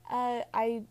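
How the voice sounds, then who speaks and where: A woman's voice: a little high, darkish tone. A young woman hosting a casual podcast, rambling with a Valley-girl sound, saying "like" and "literally" all the time and laughing at her own jokes. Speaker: podcast host.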